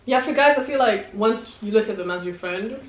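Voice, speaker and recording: A woman's voice: medium pitch, fairly quick. A young woman hosting a casual chat, chatty and giggly with lots of fillers. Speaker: host. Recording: echoey room, faint noise.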